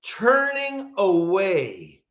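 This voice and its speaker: A man preaching a sermon as pastor, storytelling with swings between emphatic and hushed delivery. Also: sits high, huge pitch swings, drawn-out words, muffled recording.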